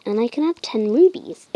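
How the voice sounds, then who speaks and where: Speaking in a fairly high voice, this channel host chats casually through her gameplay. She gets excited, squeals with delight, and hesitates with plenty of ums.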